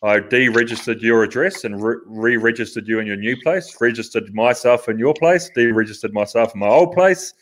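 A man's voice: mid-range voice, brisk, hardly any pauses. A man with an Australian accent co-hosting a casual podcast, recounting his day in a blunt, matter-of-fact way. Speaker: podcast co-host. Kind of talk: casual chat.

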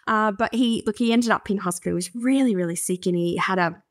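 A woman's voice: medium pitch, no room sound, studio quality. Chatty Australian woman guest. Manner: chatty, with frequent fillers and quick laughs. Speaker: guest campaigner. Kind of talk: casual interview chat.

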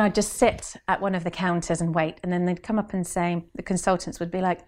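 Interview guest: woman, slightly low voice, chatty, acts out quotes. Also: steady tone, fast, hardly any pauses, darkish tone. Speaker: guest, brand consultant. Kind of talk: conversational interview.

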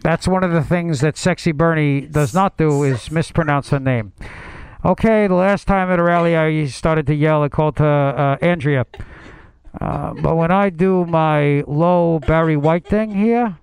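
A man's voice: on the high side, a little slow, a little mellow, a little hiss or hum. A man hosting a morning talk radio show, giving sarcastic, mocking commentary and bantering with his co-host.

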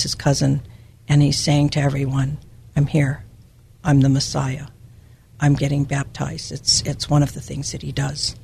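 A woman's voice: deep voice, gravelly, darkish tone, a little hiss or hum. An older woman from Hawaii giving a personal, emotional devotional Bible teaching as a podcast host.

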